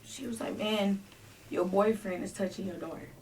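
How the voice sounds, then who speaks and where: A woman's voice: medium pitch, fairly even intonation, moderate pace, a little mellow, far from the mic, slight background noise. A woman telling a personal story as a podcast guest, acting out voices and dropping to near whispers.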